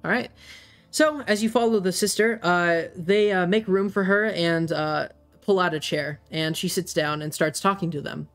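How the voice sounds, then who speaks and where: A game master describing the scene in a hesitant, meandering way, with frequent pauses, over soft music. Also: mid-range voice. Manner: hesitant, many fillers. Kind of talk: narrating a tabletop game.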